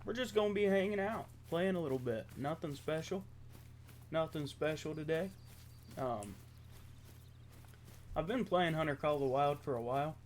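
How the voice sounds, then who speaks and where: A young man from southeastern Ohio with an Appalachian accent, chatting casually over gameplay, halting and full of ums. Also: on the high side, a little hiss or hum. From southeastern Ohio, USA. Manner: rambling, halting, lots of ums and self-corrections. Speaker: gaming YouTuber.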